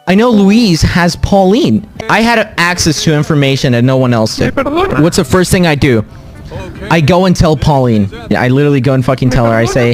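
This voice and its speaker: A man streaming to his chat, telling a story in a dramatic, profane, animated way. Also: a little high, moderate pace, soft background music. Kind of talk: casual storytelling to a live chat.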